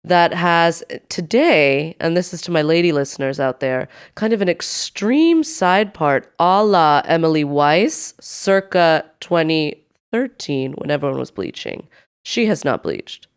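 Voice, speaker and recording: Smooth-voiced woman co-hosting a podcast. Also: low-pitched, big pitch swings, measured pace. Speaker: podcast co-host. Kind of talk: casual chat.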